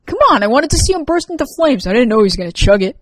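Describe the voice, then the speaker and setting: A woman reading an audiobook, voicing a brash teenage boy who is excited, crude and loud. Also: on the high side, rapid-fire, no room sound, voice pushed up. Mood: defensive.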